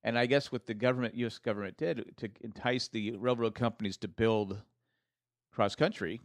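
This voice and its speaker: A man's voice: medium pitch, steady tone, moderate pace, no echo, clean studio sound. A man hosting a casual chat, recapping a TV western in a rambling way with lots of restarts. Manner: rambling, many restarts, retells scenes. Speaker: podcast host recapping a TV western.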